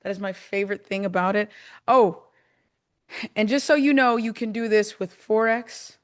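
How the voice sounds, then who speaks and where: Excitable woman hosting a live trading demo. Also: medium pitch, moderate pace. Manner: chatty and excitable, talks herself through each step. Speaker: host.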